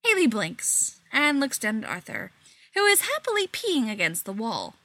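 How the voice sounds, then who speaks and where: A woman narrating a short story in an unhurried, expressive way. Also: a little high, no echo.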